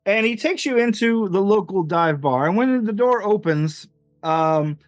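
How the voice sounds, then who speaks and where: Hombre narrando partida de rol, voz algo aguda. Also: male voice, high-pitched, lively intonation, a little slow, no room sound. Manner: rambling, many fillers and restarts, laughs often. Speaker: game master. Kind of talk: narrating a tabletop game. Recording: dry sound with faint music.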